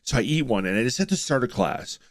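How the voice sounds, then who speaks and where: A man's voice: medium pitch, big pitch swings, fast talker, no echo. A young man hosting a reaction video, chatting casually and laid-back, often restarting his sentences. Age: young adult.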